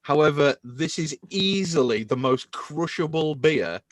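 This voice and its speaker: A man's voice: a little high, unhurried, no room sound. Guy hosting a beer podcast, hyped up, dry close sound. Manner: enthusiastic, animated beer talk. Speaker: podcast host. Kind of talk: casual chat.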